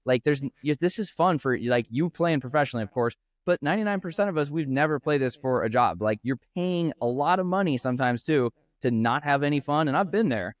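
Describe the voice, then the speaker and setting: A man's voice: fairly high pitch, lively intonation, no room sound, highs cut off. A man who teaches golf, talking earnestly in a casual podcast chat, with lots of fillers. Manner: earnest, fast-flowing with frequent fillers. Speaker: golf instructor and brand founder.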